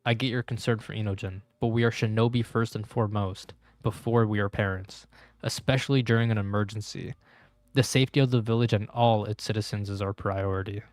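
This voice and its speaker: A man's voice: fairly low pitch, fairly quick, dry recording, lightly acted. A man reading as a stern ninja commander. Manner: reads the lines out flatly, close to his own voice.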